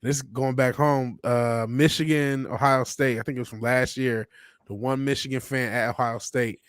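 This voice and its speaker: A man's voice: mid-range voice, steady tone, moderate pace, clear, resonant tone, no echo, studio quality. A man co-hosting a casual podcast, reacting with short remarks and swearing casually. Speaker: podcast co-host. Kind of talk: casual chat.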